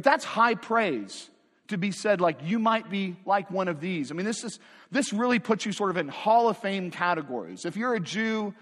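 Man, pastor, sermon, emphatic conversational preaching, rhetorical questions, high voice, long hall reverb. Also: a bit bright.

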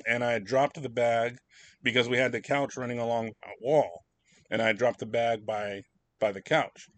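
A young man hosting a casual podcast, telling rambling, profane stories. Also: medium pitch. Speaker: podcast host.

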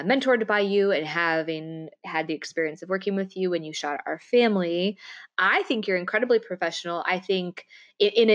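A woman co-hosting a casual podcast, her voice sitting lower than most women's. She is bubbly and quick to laugh, and she acts out her stories with lively quoted lines. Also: dull audio. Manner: bubbly, laughs often, animated retelling. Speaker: podcast co-host. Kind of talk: casual chat.

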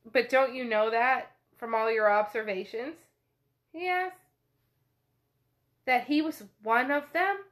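A woman hosting a book podcast retells a chapter in a relaxed, chatty way. Her voice sits a little high, and she takes her time. She keeps dropping fillers as she paraphrases. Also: takes it slowly, pauses often. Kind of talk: casual retelling of a novel chapter.

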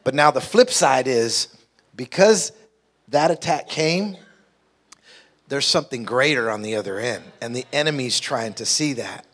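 A man's voice: mid-range voice, expressive, unhurried, fairly bright tone. A man preaching from the pulpit of a church. He exhorts the congregation and keeps asking for an amen. He reads scripture aloud in between. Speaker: guest preacher, pastor's brother. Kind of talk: sermon. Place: church sanctuary.

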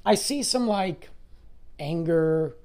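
A man's voice: a little high, animated, slow, a little mellow. An adult man, a podcast host, telling a story in a rambling, chatty monologue full of asides and fillers. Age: adult with a school-age son.

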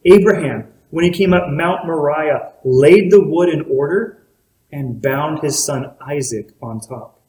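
A man's voice: fairly high pitch, unhurried, darkish tone. Earnest preacher man in a roomy space. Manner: earnest preaching with direct questions to listeners. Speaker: pastor. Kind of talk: sermon. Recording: roomy echo.

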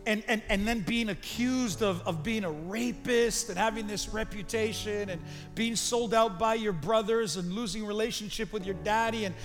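A pastor preaching a sermon, animated and calling the congregation to repeat after him. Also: male voice, high-pitched. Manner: animated preaching, calls the crowd to repeat lines. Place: church sanctuary. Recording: reverberant hall with faint music.

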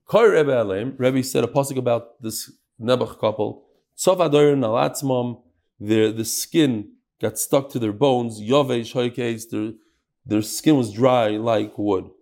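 A man's voice: medium pitch, a little slow, a little mellow. A man teaching a Talmud class, reading the text in a sing-song lilt and questioning his students.

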